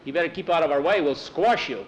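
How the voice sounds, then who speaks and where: A man's voice: on the high side, fast, highs cut off, a little hiss or hum, lightly acted. A man voicing a big bullying male basketball player who taunts and threatens. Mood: taunting.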